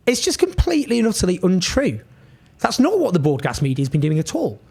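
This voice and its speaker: A man's voice: on the high side, huge pitch swings, a little fast, darkish tone, husky. A man giving indignant scripted political commentary, emphatic and full of rhetorical questions.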